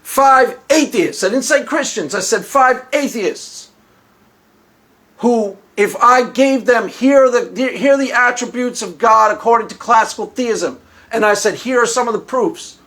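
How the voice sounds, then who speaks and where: A man with a strikingly high voice delivers solo commentary as the host of his own channel. He is blunt and mocking, hammers his points home and repeats phrases for emphasis. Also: a little slow, sharp tone.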